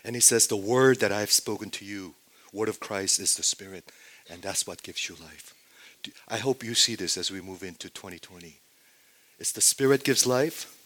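Preacher swinging between booming and whispered. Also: male voice. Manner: swings from loud emphatic statements to hushed whispers, repeats phrases. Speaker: pastor. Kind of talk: sermon.

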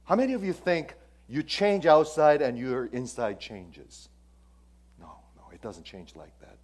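Emphatic male preacher with hushed asides. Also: mid-range voice, expressive, unhurried. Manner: emphatic, swings between loud stresses and hushed near-whispers; asks the congregation questions. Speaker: pastor. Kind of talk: sermon.

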